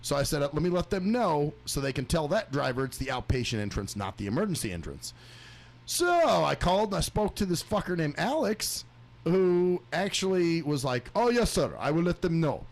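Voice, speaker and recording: A man with a gravelly, slightly higher voice rants his way through a story on a talk radio show. His pitch swings widely and he swears freely, acting out other people's lines as he goes. He laughs often while he talks. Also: fairly quick. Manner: crude, animated, laughs often, acts out other callers' voices. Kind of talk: profane ranting storytelling.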